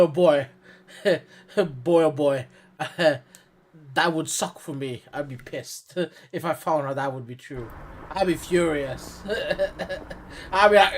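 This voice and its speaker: A man's voice: a little high, slow, a bit bright, slight background noise. A man streaming live, reacting to a video with profane, sarcastic, rambling commentary.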